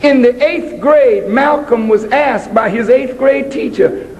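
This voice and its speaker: A man from Boston giving an impassioned public address at a college, emphatic and preacherly, rising to shouts. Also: very high voice, takes it slowly, big-room sound, low-quality recording. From Boston, United States. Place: college auditorium.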